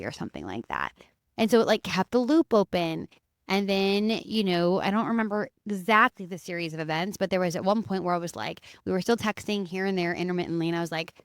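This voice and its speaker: Candid woman podcast host, smooth voice. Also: on the low side, a little fast, no echo, clean studio sound. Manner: candid, animated, swears freely, acts out quoted dialogue. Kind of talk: casual confessional storytelling.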